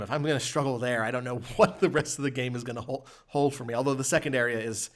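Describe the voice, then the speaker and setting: A man's voice: mid-range voice, fairly bright tone. A man co-hosting a podcast in casual chat, laughing often, swearing, and mocking things he finds bad. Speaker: podcast co-host.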